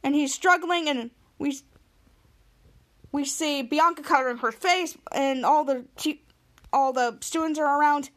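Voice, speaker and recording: A young woman in her twenties hosts a podcast and retells a show scene by scene. She talks casually and rambles, often restarting her sentences, with a voice pitched high for a woman. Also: measured pace. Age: 20s. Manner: rambling, with many restarts and "he's like". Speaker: podcast host. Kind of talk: casual episode recap.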